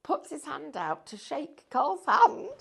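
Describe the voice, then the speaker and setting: Lady telling a story on a shopping show, gravelly, voice jumps all over. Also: high-pitched, takes it slowly. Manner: animated, laughs through the story. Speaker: shopping channel presenter. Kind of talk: casual storytelling chat.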